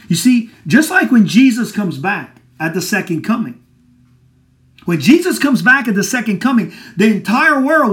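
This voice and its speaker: A man with a fairly high voice preaches a Bible teaching sermon. He is emphatic and keeps posing questions to the listeners, then answering them himself. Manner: emphatic, asks and answers his own questions.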